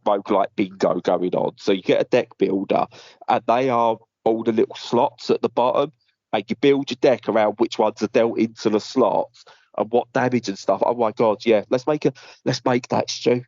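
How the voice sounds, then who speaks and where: Low-voiced man rambling through a story. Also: normal speed, darkish tone, no echo, dull audio. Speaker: podcast co-host. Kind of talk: casual chat. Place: hospital room.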